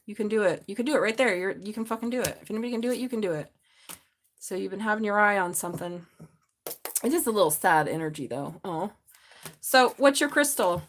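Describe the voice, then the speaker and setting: A woman with a mid-range voice gives a live tarot reading at a fast pace. She's chatty, laughs often, swears freely, and talks straight to viewers, calling them babe.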